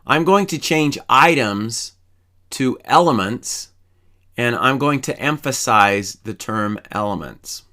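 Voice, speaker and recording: A man teaching a programming lesson, calmly walking through each step as he types code. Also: medium pitch, takes it slowly. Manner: calm, methodical, explains each step while typing. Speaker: programming instructor. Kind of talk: screen-recorded coding tutorial.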